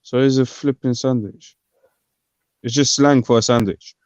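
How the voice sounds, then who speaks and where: A man's voice: medium pitch, fairly even intonation, moderate pace, darkish tone, clear, resonant tone, dry recording. A man, chatting casually on a stream, rambling and reading comments and look-ups aloud. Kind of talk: casual chat. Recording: dull, lo-fi dry sound.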